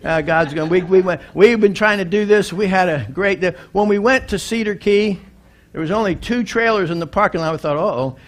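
Man, pastor, high voice, storytelling sermon, emphatic preaching. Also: brisk.

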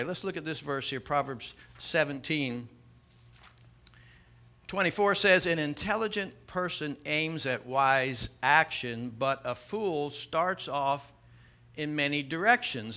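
A man delivers a sermon in a bright, lively-toned voice that sits a little high for a man. He speaks casually to his congregation, telling stories and often repeating his first words. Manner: conversational, storytelling with jokes; repeats words when starting sentences. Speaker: pastor.

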